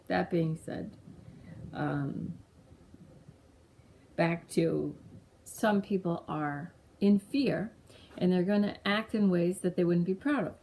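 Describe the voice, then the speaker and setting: A woman's voice: lowish voice, vocal fry, a little mellow, slight background noise. A mother talking loosely and conversationally about her family, often circling back to restart a thought. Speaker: mother sharing a parenting story. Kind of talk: casual personal storytelling to camera.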